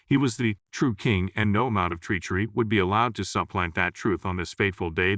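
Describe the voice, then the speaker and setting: A man giving steady, dramatic scripted narration of a folktale, recorded on a distant mic. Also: sits low, dry recording, clean studio sound. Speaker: storyteller.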